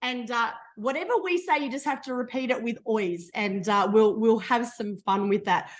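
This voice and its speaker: A bubbly Australian woman with a fairly high voice talks through a slide presentation on a video call. She sounds enthusiastic and chatty throughout. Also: moderate pace. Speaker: travel promoter.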